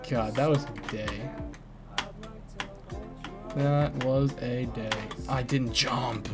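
A man's voice: medium pitch, steady tone, extremely slow. Streamer: young American man, playful teasing banter, faint music and keyboard clicks behind. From United States. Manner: teasing, banters with chat and friends. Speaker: gaming streamer. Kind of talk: casual live-stream chatter while playing. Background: faint music and keyboard typing.

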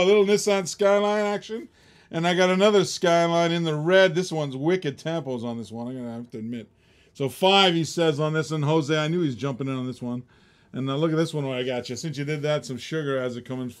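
A man's voice: a little high, fairly quick. A man hosting a live online auction, chatty and laughing often, calling bids like a boxing match. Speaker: live stream auction host.

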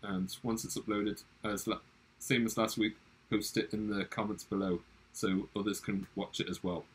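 A man's voice: on the low side, little pitch movement, moderate pace, husky, rough recording. A male drama teacher giving instructions in a recorded online lesson, friendly and instructive with frequent restarts.

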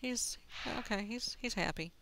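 A woman plays a video game and gives playful, chatty commentary, talking to herself as she goes. Her voice is mid-range and sharp in tone, and she speaks at normal speed.

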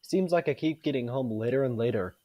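A man's voice: mid-range voice, fairly quick, highs cut off, close to an everyday voice. A man reading the lines of a tired, worried mother in a folksy way, with a mild attempt at a southern voice.

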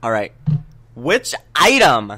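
A man's voice: medium pitch, wildly swooping pitch, slow pace, pushed and bright. A man hosting a casual podcast quiz game, often laughing and breaking composure while reading questions.

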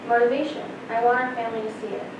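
A young woman reading the part of a calm, firm elderly grandmother from her own story, in her normal voice. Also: fairly high pitch, rapid-fire, highs cut off, lightly acted. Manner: steady, calm delivery. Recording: echoey hall, distant mic, background noise.

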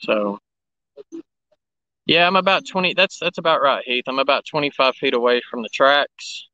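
A man's voice: mid-range voice, moderate pace, pushed and bright, no echo, highs cut off. A man live streaming from a cell phone beside railroad tracks, chatting casually and greeting viewers by name. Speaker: railfan livestreamer. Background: background noise, running engines.

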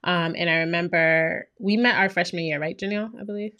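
A woman's voice: on the low side, fairly quick, muffled recording. A young woman from New York hosting a podcast, telling a personal story in casual chat with lots of "like" and "right?". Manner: animated storyteller, frequent "like" and "right?". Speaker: podcast host.

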